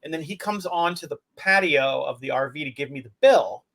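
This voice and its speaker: A man with a fairly high voice tells a self-deprecating story in relaxed podcast chat. He often trails off into quiet asides and keeps a loose, conversational pace. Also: brisk, gravelly. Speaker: podcast co-host. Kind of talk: casual chat.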